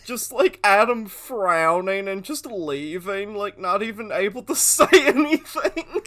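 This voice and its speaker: Chatty podcast co-host with a bright tone. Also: mid-range voice, lively intonation. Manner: chatty, jokey, quick asides. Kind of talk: casual chat recapping a cartoon.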